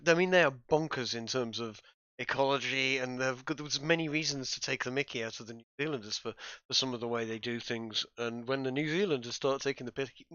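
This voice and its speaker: Rambling man, bright and crisp. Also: medium pitch, no echo, muffled recording. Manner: rambling, stop-start with many restarts. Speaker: podcast host. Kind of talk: casual chat.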